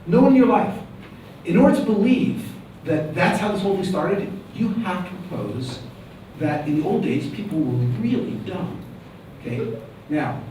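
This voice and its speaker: A man lecturing as a rabbi to students, animated and joking, firing rhetorical questions at the room. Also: fairly high pitch. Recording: very echoey room, mic at a distance, faint background hum.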